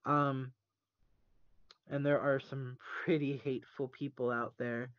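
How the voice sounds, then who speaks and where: A man co-hosting a podcast, talking earnestly and haltingly, close to tears, recorded over an internet call. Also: mid-range voice, level tone, dry recording. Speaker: podcast co-host. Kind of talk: casual chat. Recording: muffled dry call recording.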